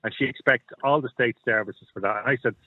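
A man's voice: medium pitch, fast, dry recording. A middle-aged man, telling blunt stories and opinions as a caller on a radio show. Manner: blunt, storytelling, repeats himself. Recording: tinny phone line.

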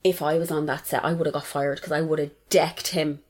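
A woman's voice: sits low, fairly even intonation, fairly quick. A woman co-hosting a podcast, blunt and sweary in casual banter. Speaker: podcast co-host.

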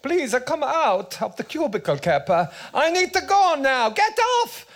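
A woman's voice: sits high, moderate pace, over loud music. Woman doing a hammy fake italian football manager, voice bouncing all over, cracking up mid-line. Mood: mocking. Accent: put-on Italian. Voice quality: animated, laughing through lines. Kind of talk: live comedy sketch.

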